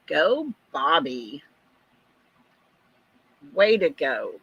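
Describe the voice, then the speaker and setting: Woman, livestream host, winded, slow and bright, dry close mic. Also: fairly low pitch, dry recording, dull audio. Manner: chatty, greets viewers by name. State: out of breath. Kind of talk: casual livestream chat.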